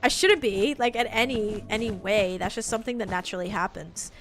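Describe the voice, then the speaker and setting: A young woman from Australia with a softened Australian accent, chatting casually with her live stream viewers, rambling and full of "like" fillers. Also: medium pitch, brisk, slight background noise. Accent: Australian, softened toward American.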